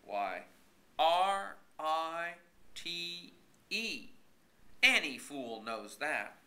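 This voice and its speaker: A man's voice: on the high side, sing-song, measured pace, pushed and bright, voice pushed up, heavily acted. A man voicing a stubborn rural man who argues fussily about spelling, in folksy ungrammatical speech. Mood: exasperated. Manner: folksy rural grammar, argumentative.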